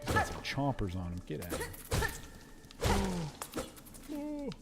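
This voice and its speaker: A man in his forties, chatting casually and excitably while streaming a game. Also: mid-range voice, a little slow, loud music behind the voice. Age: 40s. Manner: chatty, excitable, says dude a lot. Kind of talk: casual gameplay stream chat.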